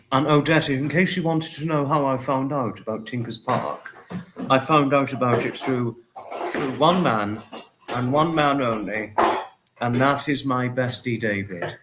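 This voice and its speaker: A man hosting a casual livestream, warmly greeting and thanking viewers by name and apologizing often. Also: medium pitch, slight background noise. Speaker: livestream host. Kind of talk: casual livestream chat reading viewer comments.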